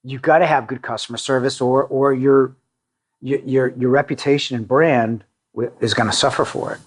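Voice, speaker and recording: With a medium-pitched voice and fairly even intonation, this middle-aged Boston-area CEO talks casually in an interview. His speech halts frequently, packed with restarts and fillers, and he pokes fun at himself.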